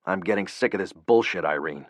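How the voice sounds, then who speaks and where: A man's voice: sits low, a little fast, dry recording, lightly acted. A man voicing a blunt, furious male CIA operative who curses and speaks with cold anger. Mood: cold fury.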